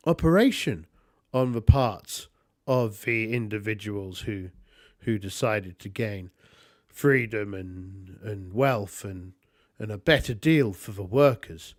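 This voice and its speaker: A man voicing a sardonic male company director in a tabletop game, speaking with mock-polite irony and slow, dry delivery. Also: medium pitch, no echo, close to an everyday voice. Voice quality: mannered, ironic phrasing.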